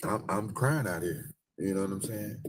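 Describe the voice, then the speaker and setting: A man's voice: sits low, normal speed, noisy background. A man hosting a live stream from outdoors, joking crudely and rambling in casual street commentary. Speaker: livestream host. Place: outdoors outside a store.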